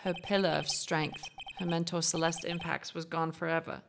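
A woman voicing a calm, composed male prosecutor in a mock Australian accent, reading game dialogue aloud in a low, hushed, measured way. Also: creaky, noisy background. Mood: grave. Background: game music.

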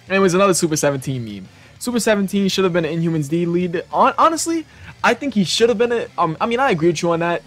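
A young man with a fairly high voice gives loose, excitable reaction commentary on his gaming channel. He swears freely and laughs often. Soft guitar music plays quietly in the background. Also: fast talker.

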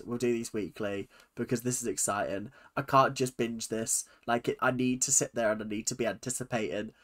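A YouTube host giving casual, animated reaction commentary with frequent laughs and exclamations. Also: mid-range voice.

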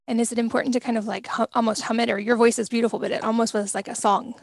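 A woman's voice: a little high, little pitch movement, rapid-fire, no echo. A woman hosting a podcast interview, asking curious, rambling questions. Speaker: podcast host. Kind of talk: casual interview talk.

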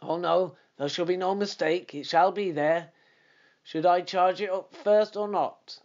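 A man reading an audiobook, voicing a fierce, bullying elderly male horse trainer who talks gruffly and blusters. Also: high-pitched, a little slow, darkish tone, highs cut off, pitched above the performer's own voice. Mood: cringing.

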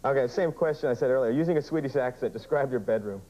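Fast-talking man on a dull old TV tape. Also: medium pitch, mellow, a little hiss or hum. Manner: quick, offhand, a bit awkward. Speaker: game show contestant. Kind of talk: asking quick questions on a TV dating game.

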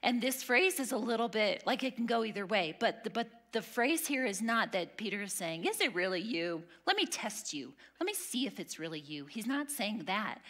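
A woman teaching a women's Bible study, earnest and emphatic, sometimes dropping to a hush. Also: mid-range voice, big pitch swings, normal speed, hardly any pauses. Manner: earnest, emphatic, drops to a hush on key lines.

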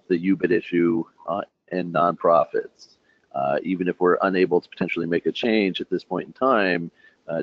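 A low-voiced man dialed into a conference call, giving an event update. He hesitates often and pads his sentences with "uh" and "um". His voice comes through muffled. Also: no room sound. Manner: hesitant, many fillers. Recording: muffled, faint phone line.

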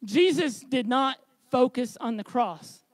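A man preaching a sermon as pastor, with a high tenor voice, earnest and building to shouted exhortation. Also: animated, takes it slowly, dry recording.

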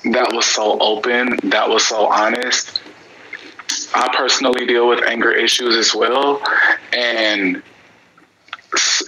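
A man's voice: fairly low pitch, sharp tone. A man on a live stream, responding to another speaker with supportive, encouraging words. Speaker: fellow participant responding. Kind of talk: casual live-stream chat. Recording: noisy live-stream audio.

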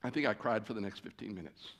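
Animated man preaching a storytelling sermon. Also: fairly low pitch, fast. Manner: animated, acts out quoted conversations. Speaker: guest preacher. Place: church sanctuary.

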